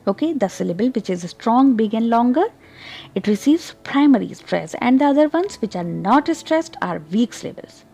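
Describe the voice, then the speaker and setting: A woman teaching English pronunciation in a slow, deliberate lesson, repeating example words and checking in with "okay?". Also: on the high side, expressive, vocal fry, mellow, soft background music.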